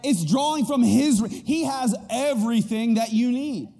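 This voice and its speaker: A male pastor preaching a lively, joking sermon, often checking in with the crowd. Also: very high-pitched, unhurried, creaky, big-room sound. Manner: animated and joking, asks the crowd "right?". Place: church auditorium.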